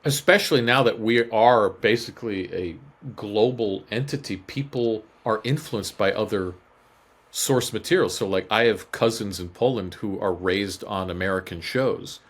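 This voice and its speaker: A man who is a guest voice actor, chatting casually in an animated, jokey way on a podcast. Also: lowish voice, moderate pace. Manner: animated, jokey, slips into impressions.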